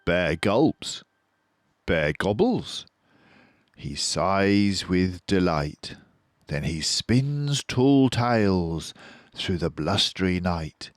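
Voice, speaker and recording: An older man reading a children's picture book aloud in a lively, rhythmic storyteller's way. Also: deep voice, very slow, dry recording. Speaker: storybook reader.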